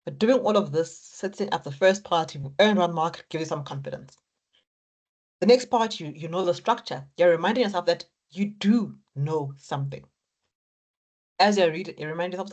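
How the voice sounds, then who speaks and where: A woman's voice: fairly low pitch, animated, normal speed, long pauses. A woman lecturing students on exam technique, encouraging and repetitive as she talks them through each step. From Africa. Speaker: accounting lecturer.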